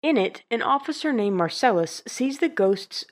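A woman's voice: fairly high pitch, lively intonation. Giggly flustered woman stumbling over words. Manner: giggly, flustered, self-mocking, repeats hard words slowly. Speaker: video host reading a script. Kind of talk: casual blooper-reel reading.

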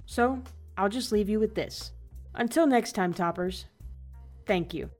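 A woman's voice: mid-range voice, measured pace, darkish tone, soft background music. A woman hosting a podcast, reading scripted narration about the origin of an idiom. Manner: laughing at her own flubbed words in outtakes. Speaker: podcast host.

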